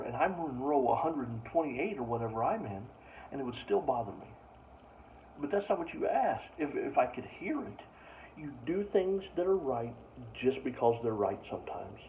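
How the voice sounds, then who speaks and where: A young man rants in exasperated disbelief, spinning casual comic stories. His voice sits at an ordinary middle pitch. The recording is distant and muffled, with a faint ambient hiss behind him. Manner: exasperated, ranting. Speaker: stand-up comedian. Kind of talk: casual comedic storytelling. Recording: distant mic, dull lo-fi sound, faint ambient noise.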